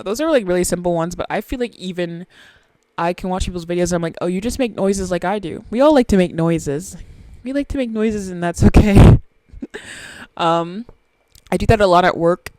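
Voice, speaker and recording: A young woman hosting a casual solo podcast, talking in an animated, silly, excitable way with sudden squeals. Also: fairly low pitch, no echo. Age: young adult. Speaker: podcast host.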